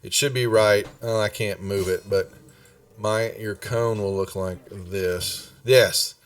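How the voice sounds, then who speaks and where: Dungeon master, man, low easygoing voice, mic sits a bit far off. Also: steady tone, slow. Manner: laid-back, lots of ums. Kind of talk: running a tabletop game.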